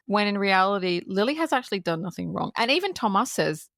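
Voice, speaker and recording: A woman's voice: mid-range voice, brisk, hardly any pauses, dry recording, clean studio sound. Laughing, swearing woman podcast co-host. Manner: animated scene retelling with frequent laughs and swearing. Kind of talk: casual film-review chat.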